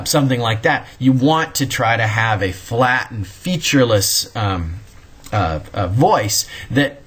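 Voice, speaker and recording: A man's voice: mid-range voice, a bit bright, breathy edge. A man giving a recorded history lecture in a conversational way, wandering into asides and correcting himself as he talks. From American Midwest. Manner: conversational, digressive, self-correcting.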